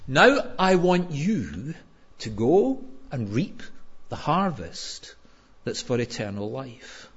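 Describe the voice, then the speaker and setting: A man preaching a sermon in a lively, conversational storytelling way with touches of humor. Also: on the high side, breathy edge, muffled recording.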